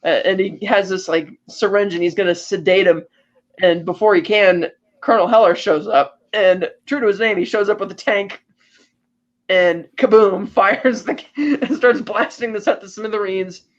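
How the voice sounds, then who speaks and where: A man's voice: sits high, normal speed, dull audio. A man hosting a podcast, chatting casually as he recaps a film scene by scene and acts out the characters' lines. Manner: animated storytelling, acting out lines of dialogue. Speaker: podcast host.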